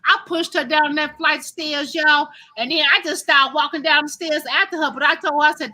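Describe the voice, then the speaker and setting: Middle-aged woman host, AAVE, animated live-stream storyteller with a high, bright voice. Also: moderate pace, hardly any pauses. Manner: animated, laughing, addresses listeners as y'all. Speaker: host telling a childhood story.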